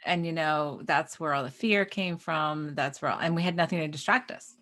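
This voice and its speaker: A woman co-hosting a spiritual talk show, speaking in a relaxed, rambling way and often checking in with "right?". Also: low voice, normal speed. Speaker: podcast co-host. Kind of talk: spiritual conversation.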